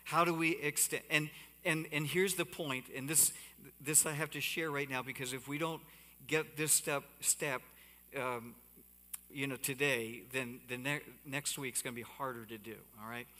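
A man preaching a sermon as pastor on a body mic, animated and given to asides to the congregation. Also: medium pitch, normal speed, big-room sound. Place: church sanctuary. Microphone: body-worn mic.

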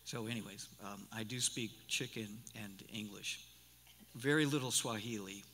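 Folksy sixty-something pastor in a reverberant church. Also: male voice, lowish voice, normal speed, bright, forceful tone, a little hiss or hum. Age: 60s. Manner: folksy and rambling, with many repeated starts. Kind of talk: sermon. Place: church sanctuary. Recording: live church recording with long hall reverb.

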